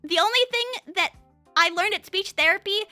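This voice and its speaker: A young woman streamer chatting casually with her live chat, talking very fast and bubbly. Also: extremely high pitch, pushed and bright, dry recording, faint music behind.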